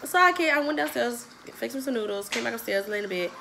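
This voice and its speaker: A young adult woman vlogger telling a casual storytime while eating, animated and profane, laughing often. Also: a little high, quick pace, gravelly, background noise.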